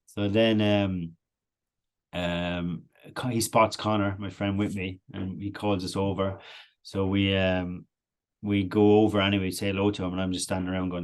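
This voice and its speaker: An Irish man, a podcast guest, telling a wild party story in casual, animated fashion with frequent laughs. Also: low voice, normal speed. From Ireland. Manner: animated anecdotal, laughs often.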